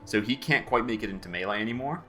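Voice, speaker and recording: A man narrating as game master in a casual tabletop game, laughing often and pausing on fillers. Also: lowish voice, lively intonation, fairly bright tone, soft background music. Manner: laughing, hesitant with many fillers.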